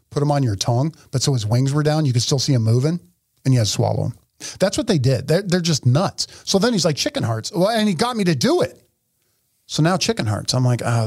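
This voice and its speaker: A man's voice: medium pitch, darkish tone, dry recording. A man co-hosts a casual talk show from an office, blunt and profane. He tells stories with animation. The sound is dry and close. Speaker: podcast co-host. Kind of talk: casual opinionated chat. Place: office studio.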